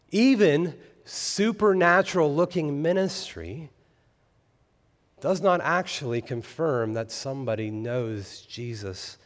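A man's voice: medium pitch, big-room sound. A man preaching a sermon as pastor, earnest and building to emphatic peaks on key phrases. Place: church sanctuary.

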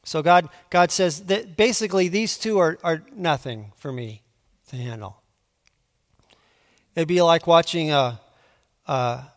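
A man preaching a conversational Bible teaching, moving between quiet asides and emphatic pleading. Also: a little high. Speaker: pastor. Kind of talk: sermon. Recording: long hall reverb.

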